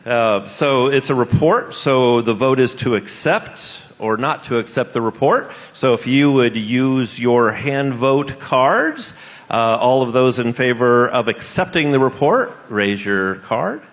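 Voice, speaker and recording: A man chairing a church business session, relaxed and joking, with plenty of fillers as he calls votes. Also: medium pitch, measured pace. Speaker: conference superintendent chairing. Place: large conference hall. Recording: long reverb of a large conference hall.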